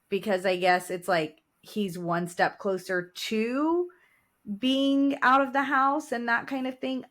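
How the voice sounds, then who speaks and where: A woman's voice: medium pitch, a bit bright. Chatty woman podcast co-host. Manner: chatty, laughing, emotional storyteller. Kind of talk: casual chat.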